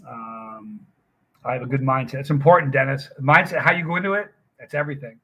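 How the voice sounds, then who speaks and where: A man's voice: mid-range voice, brisk, sharp tone. A middle-aged man hosting a livestream, chatting casually with viewers and rambling through a story. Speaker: livestream host. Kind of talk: casual chat with live viewers.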